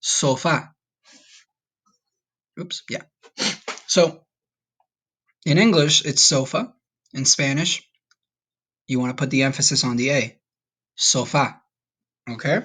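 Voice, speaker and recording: Man, spanish teacher, recorded online lesson, patient slow drills, cheerful asides. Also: medium pitch, a bit bright, breathy edge.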